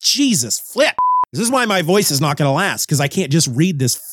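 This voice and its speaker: A man's voice: a little high, big pitch swings, fairly quick, fairly bright tone, husky, no room sound, clean studio sound. Stuffy-nosed sick man reading. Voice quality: stuffy, congested. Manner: frustrated, self-mocking, repeats lines. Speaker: podcast host. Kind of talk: casual podcast reading with retakes.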